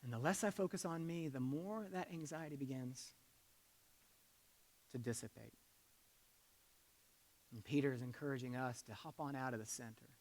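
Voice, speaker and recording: A male pastor preaching a sermon in a conversational way, shifting between loud emphasis and soft asides and leading the congregation in call-and-response. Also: mid-range voice, moderate pace, long pauses. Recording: long hall reverb.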